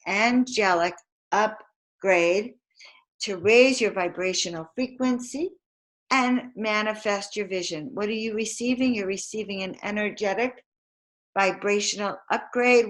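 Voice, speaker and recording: Speaking unhurriedly in a mid-range, fairly bright voice on a rough recording, a woman who works as a spiritual teacher and card reader gives a live motivational talk. Her style is emphatic, built on chanted affirmations and call-and-response questions to the audience.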